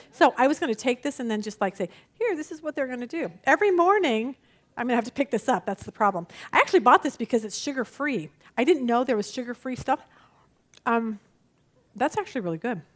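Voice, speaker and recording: A woman teaching a Bible study, animated and laughing easily, acting out the quotes she gives. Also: a little high.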